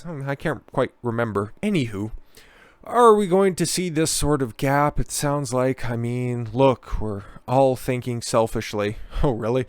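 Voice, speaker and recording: This is a male commentary host who delivers biting sarcasm and frequent profanity. His voice is smooth and resonant at a middle pitch. It is recorded close and dry, with no room sound. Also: lively intonation, moderate pace, no room sound. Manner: sarcastic, profane, mocking asides.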